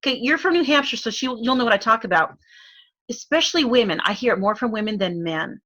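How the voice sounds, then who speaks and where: A woman's voice: a little high, animated, fast talker, bright, forceful tone. A middle-aged woman from Arizona with an Arizona accent, chatting as a guest, with lots of fillers and frequent laughs. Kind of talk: casual chat.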